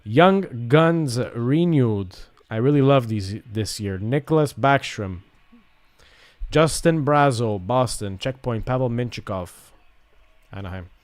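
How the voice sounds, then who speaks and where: Male card-break host, mid pitch, rapid call-outs of cards, chatty asides. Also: clean tone. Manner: rattles off card names and teams, upbeat asides. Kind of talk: live pack-opening commentary.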